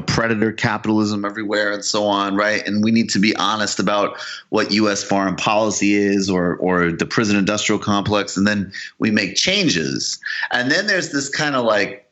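A man's voice: lowish voice, fairly bright tone. A man in casual political chat, rambling and profane with lots of fillers. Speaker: political commentator. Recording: dull lo-fi audio.

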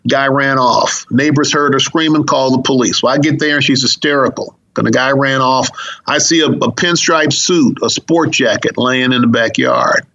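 A middle-aged man with a rough, gravelly, somewhat husky voice recounts his years as a police officer. He tells the story with animation, jumping up in pitch whenever he quotes someone. The recording sounds dull and lo-fi. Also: moderate pace, pushed and bright. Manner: acts out dialogue with big pitch jumps.

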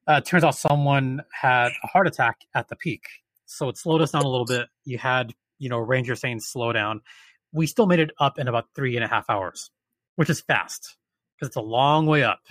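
A man casually telling an animated, exasperated story as a podcast host. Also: mid-range voice, moderate pace, no room sound.

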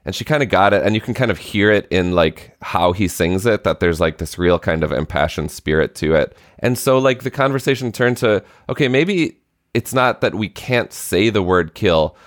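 A man in his thirties co-hosting a chatty podcast, telling a story thoughtfully with frequent pauses and restarts. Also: on the low side, expressive, no room sound, studio quality. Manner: reflective storytelling with many hesitations. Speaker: podcast co-host. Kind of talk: casual chat.

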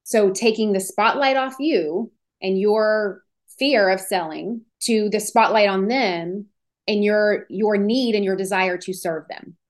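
A woman hosting a podcast, giving an energetic, emphatic motivational talk on business and selling. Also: medium pitch, unhurried. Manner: energetic, emphatic, acts out inner voices. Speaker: podcast host.

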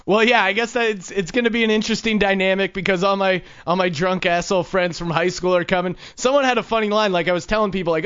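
A man's voice: high-pitched, fast, hardly any pauses, a bit bright, clear, resonant tone. A young man hosting a casual talk show, telling stories and laughing often. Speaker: host. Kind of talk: casual chat. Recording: dull lo-fi sound.

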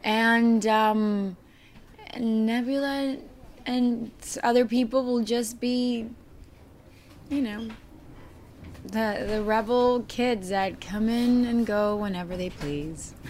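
A woman's voice: a little high, steady tone, slow pace, darkish tone, a little hiss or hum. A woman interviewed on a film set, chatting casually, giggly and hesitant with many restarts.

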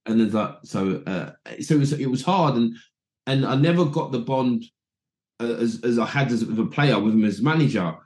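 A man from England telling animated stories as a former footballer guest, acting out quotes and restarting his sentences. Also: medium pitch, normal speed. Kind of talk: anecdotal interview storytelling. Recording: roomy echo.

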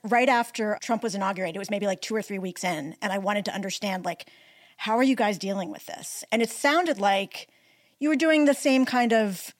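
Woman interviewer, mid pitch, dry close mic, easygoing questions. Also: normal speed, no room sound. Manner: conversational, searching for words. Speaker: interviewer, journalist.

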